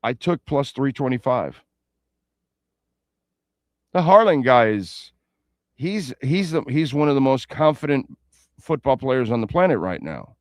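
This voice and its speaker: A man's voice: medium pitch, sing-song, unhurried, long pauses, no room sound. A man hosting a sports radio show in a casual, rambling way, with playful asides and betting talk. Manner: reads sponsor ads and betting lines.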